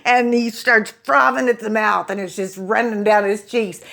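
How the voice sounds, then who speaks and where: A woman performing a stand-up comedy routine, telling a story with profane, deadpan asides. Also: medium pitch, moderate pace, vocal fry.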